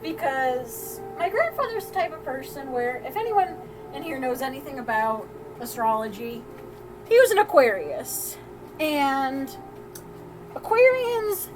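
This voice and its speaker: A woman's voice: sits high, rough recording. A woman hosting a live crafting stream, telling a family story in a casual, rambling way with frequent laughs and restarts.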